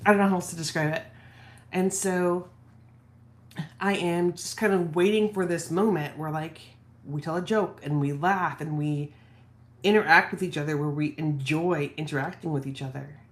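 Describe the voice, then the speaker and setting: A woman's voice: low voice, fairly even intonation, moderate pace. A woman vlogger candidly telling a personal story from home, quoting her husband and herself as she goes. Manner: candid, reflective, quotes husband in her own voice. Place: at home office.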